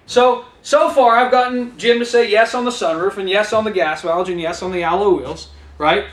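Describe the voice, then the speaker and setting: In an echoey room, a man with a very high, bright voice coaches salespeople at a normal speed. He speaks straight to his trainees with energy and acts out his own lines to customers, mixing instruction with acted-out dialogue.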